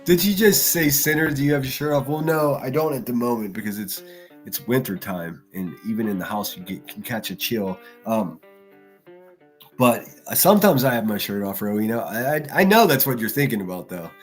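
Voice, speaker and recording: A man hosting a livestream, ranting in a crude, mocking way and shifting in loudness as he talks. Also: on the low side, sing-song, moderate pace, faint music behind. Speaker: livestream host. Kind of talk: profane livestream rant.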